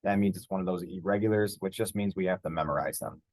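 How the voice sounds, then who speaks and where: A man teaching a screen-share Spanish grammar lesson in a relaxed, rambling way, spelling words out letter by letter. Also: deep voice, quick pace, no room sound.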